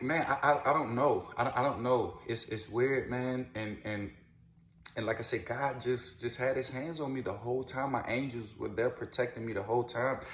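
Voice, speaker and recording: A man's voice: mid-range voice, fairly bright tone. A man in his thirties from New Orleans, telling his own story casually to camera, with lots of "you know" and "man" and repeated words. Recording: roomy echo.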